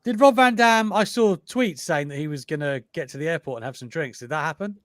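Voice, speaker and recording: A man hosting a podcast, lively and chatty, laughing along with his guest. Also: on the high side, a little fast, no echo, clean studio sound. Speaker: podcast host. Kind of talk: casual podcast chat.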